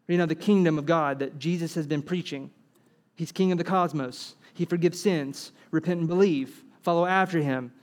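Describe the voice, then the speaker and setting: A man preaching a sermon, acting out dialogue and asking rhetorical questions. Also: fairly high pitch. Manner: animated, acts out quoted dialogue, asks rhetorical questions.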